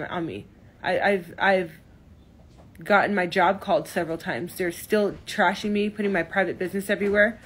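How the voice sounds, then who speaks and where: Woman in her thirties, husky voice, hurt and defensive, talking into her phone. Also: mid-range voice, fairly bright tone. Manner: emotional, hurt and defensive, many restarts. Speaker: livestreamer. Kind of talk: upset livestream rant. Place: in her car.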